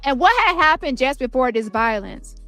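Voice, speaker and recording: A woman reading the part of an attorney questioning a witness in court, with brisk, pointed questions and faint music behind. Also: high-pitched, lively intonation, a bit bright, pitched above the performer's own voice. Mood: probing.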